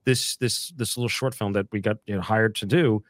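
A man hosting a podcast, talking in a rambling, halting way with many restarts. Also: fairly low pitch, steady tone, no room sound, clean studio sound. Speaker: podcast host. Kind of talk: casual podcast chat.

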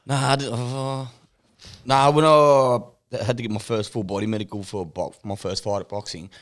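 A man's voice: medium pitch, steady tone, normal speed. A young man hosting a podcast, telling blunt, sweary stories. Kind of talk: crude storytelling banter.

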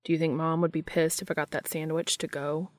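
A woman's voice: low voice, level tone, fairly quick, dry recording, studio quality, lightly acted. A woman reading as a weary, wisecracking man. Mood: wry.

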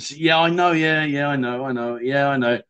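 A man's voice: mid-range voice, moderate pace, a bit bright, clear, resonant tone, dull audio. A man hosting a casual livestream, reading out viewer comments and chatting back with frequent "mate" and the odd swear word. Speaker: livestream host.

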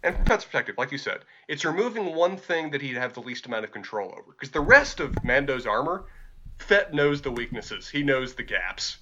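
Man, podcast co-host, thoughtful, bright tense voice, muffled lo-fi mic. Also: mid-range voice, very animated, a little hiss or hum. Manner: thoughtful, hedging, measured. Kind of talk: casual chat.

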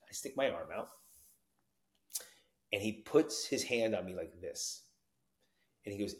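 Animated storyteller. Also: male voice, deep voice, moderate pace, long pauses, roomy sound. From New Jersey. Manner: animated, swings from hushed to loud whoops. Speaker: guest, recovery coach. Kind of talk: storytelling in a podcast interview.

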